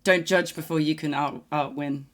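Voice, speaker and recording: A woman co-hosting a reaction video, telling a long joke in a casual, animated way and laughing easily. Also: sits low, normal speed. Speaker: reaction channel co-host.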